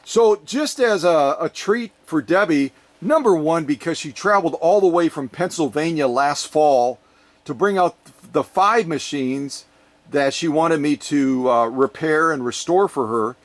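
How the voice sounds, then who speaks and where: A man hosts his own vlog in a chatty, playful way, talking straight to the camera. His voice sits a little on the high side. He drifts into jokey asides as he shows things off. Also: lively intonation, measured pace. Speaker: sewing machine restorer and channel host. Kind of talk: casual vlog chat to viewers.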